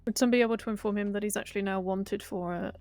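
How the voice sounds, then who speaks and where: A woman, speaking in character as a law clerk in a western roleplay, brisk and dry. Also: medium pitch, fairly even intonation, a little mellow, faint music behind.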